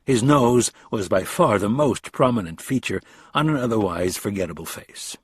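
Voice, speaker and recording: A man reading a thriller audiobook in steady, measured scripted narration. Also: fairly low pitch, slightly rough, no room sound, studio quality.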